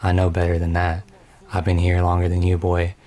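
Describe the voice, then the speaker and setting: A jealous, protective bodyguard, as a man puts him on, gruff and distrustful. The voice is deep and flat. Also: fairly quick, lightly acted. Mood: suspicious.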